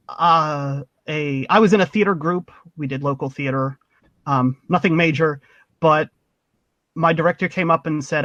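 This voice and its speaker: Man, podcast guest, casual chat, laughs a lot, restarts sentences, slightly high voice, muffled dry recording. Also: fairly bright tone, no echo. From Pittsburgh. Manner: laughs often, chatty with frequent restarts.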